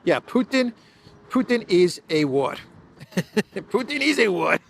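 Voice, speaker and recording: A man mocking a halting foreign president. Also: high-pitched, very animated, a little hiss or hum, pitched above the performer's own voice, exaggerated voice. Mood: insistent. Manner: emphatic, broken phrasing with drawn-out "eh". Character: foreign male president, halting accented English.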